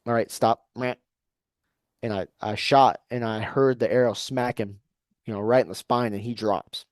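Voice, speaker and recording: A young man telling a hunting story on a podcast in a casual, animated way, often asking "you know what I mean". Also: fairly low pitch, normal speed, no room sound. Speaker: podcast guest.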